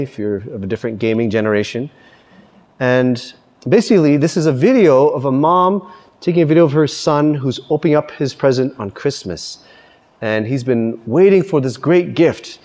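A man preaches a Catholic homily, telling stories with animated energy and plenty of swing in his voice. His voice sits a touch high for a man. The sound carries a long reverb, as if from a church hall. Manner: animated, lively storytelling. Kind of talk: sermon.

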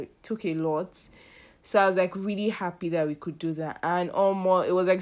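A young woman, hosting her own podcast in a casual, chatty way, laughing often and acting out quoted dialogue. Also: lowish voice. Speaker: podcast host. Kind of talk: casual chat.

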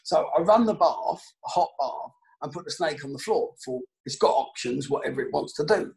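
Male ex-footballer, gravelly voice, animated, swears freely. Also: on the high side, normal speed. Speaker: former footballer guest. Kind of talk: casual anecdote telling.

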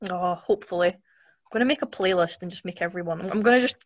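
A woman's voice: lowish voice, quick pace, no echo. A young woman with a Scottish accent, chatting casually as a guest, rambling with many restarts. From Scotland. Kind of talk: casual chat.

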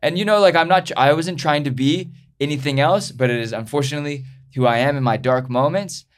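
Animated storytelling man, casual chat. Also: on the high side, fairly quick, a little hiss or hum. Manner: animated, heavy use of "like", laughs while telling.

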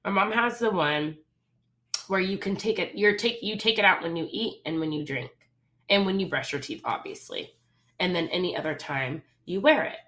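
A woman's voice: lowish voice, moderate pace, a bit bright. A young woman co-hosting a podcast, chatting casually with a slight lisp and talking straight to her listeners. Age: young adult. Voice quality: slight lisp from dental aligners. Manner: upbeat, talks straight to listeners. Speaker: podcast co-host. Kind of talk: casual chat.

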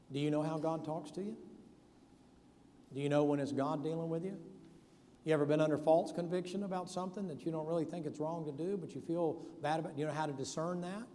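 A man's voice: fairly high pitch, mellow, big-room sound, a little hiss or hum. A man preaching a sermon, telling Bible stories in a folksy way and acting out their characters in casual voices. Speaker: pastor.

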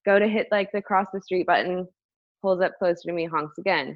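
A woman telling a personal story in casual talk, animated, full of "like" fillers and swearing. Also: on the low side, moderate pace, no room sound, highs cut off.

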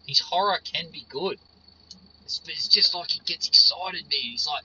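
A man's voice: a little high, normal speed, pushed and bright, dull audio, a little hiss or hum. A man ranting casually as a frustrated horror fan, swearing often and repeating his points. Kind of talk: casual profane rant.

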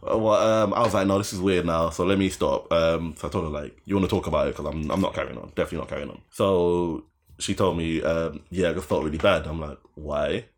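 Deep-voiced young man telling stories. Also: fast. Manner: rambling, swearing, laughing often, acting out voices. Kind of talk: casual storytelling chat.

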